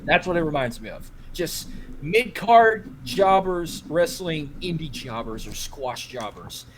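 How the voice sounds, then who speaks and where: A man's voice: a little high, expressive, unhurried, crowd noise. A man with a Cajun accent chatting casually as a podcast co-host, rambling and swearing, full of "like". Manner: rambling, profane, heavy on filler "like".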